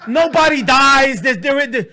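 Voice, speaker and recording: A man co-hosting a talk show, telling profane, animated stories in casual comedic banter. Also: extremely high pitch, unhurried. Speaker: podcast co-host.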